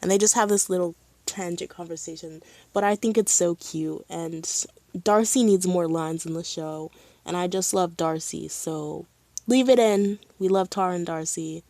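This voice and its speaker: A woman streaming live, chatting casually and excitedly as a fan, with lots of "like" and "um". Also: lowish voice, moderate pace, no room sound. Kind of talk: casual chat.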